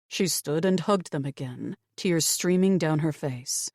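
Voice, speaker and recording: A woman giving measured, expressive first-person narration of a fantasy audiobook. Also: low voice, no echo, clean studio sound.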